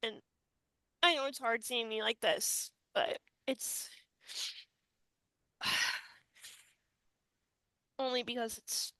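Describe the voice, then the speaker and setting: A woman hosting a podcast tribute, tearful and fighting back crying as she speaks in halting, broken-off phrases. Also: a little high, fairly even intonation, pushed and bright, dry recording, poor audio. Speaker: podcast host. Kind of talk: emotional tribute monologue.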